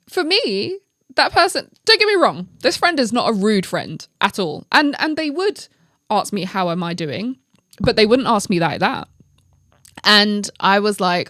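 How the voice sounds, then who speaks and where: A woman's voice: mid-range voice, animated, normal speed, fairly bright tone, no room sound, studio quality. A woman hosting a podcast, telling stories in a casual, chatty way with playful asides. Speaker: podcast host. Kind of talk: casual solo podcast talk.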